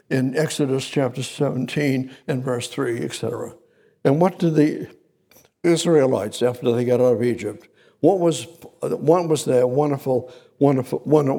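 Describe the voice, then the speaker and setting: A man preaching a sermon, repeating his points emphatically and rising sharply in pitch and volume to drive them home. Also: gravelly. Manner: repetitive, emphatic preaching with sudden loud high rises.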